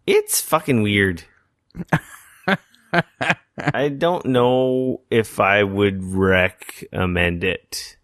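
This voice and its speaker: Low-voiced, swearing podcast host. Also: male voice, very slow, long pauses, fairly bright tone, no echo, studio quality. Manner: rambling, swears freely. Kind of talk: casual chat.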